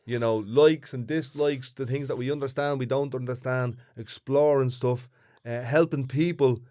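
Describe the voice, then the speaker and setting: A man with a broad Dublin accent talks things through as a podcast co-host. His voice sits at a middling pitch and comes across dry and close. He often stumbles over and repeats his first words. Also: steady tone, normal speed, darkish tone, no room sound. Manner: chatty, thoughtful, repeats words when starting. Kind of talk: casual chat.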